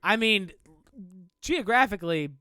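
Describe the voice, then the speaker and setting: A man's voice: high-pitched, expressive, measured pace, sharp tone, smooth, dry recording, clean studio sound. A man co-hosting a podcast in casual, rambling, jokey chat. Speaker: podcast co-host.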